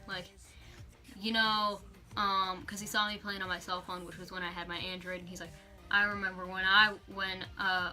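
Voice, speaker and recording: A woman telling a personal story on a vlog in an animated, chatty way with lots of fillers. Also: medium pitch. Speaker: vlogger.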